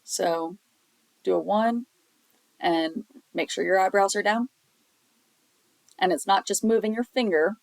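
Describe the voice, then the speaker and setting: A woman teaching a sign language lesson, explaining step by step in a patient, plain way, often pausing on um. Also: mid-range voice, creaky, a little mellow, no room sound, rough recording. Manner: patient, explanatory, with frequent um fillers. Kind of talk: recorded classroom lesson.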